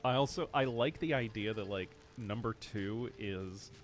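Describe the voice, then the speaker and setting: A man's voice: lowish voice, measured pace, slight background noise. A man streaming a video game, thinking aloud in a casual, rambling way with lots of fillers. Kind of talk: casual live-stream gameplay commentary.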